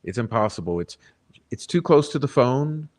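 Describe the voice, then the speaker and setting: A man's voice: medium pitch, lively intonation, normal speed, a little mellow. A man hosting a casual livestream commentary, insistent and repeating his words as he argues a point. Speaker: livestream host.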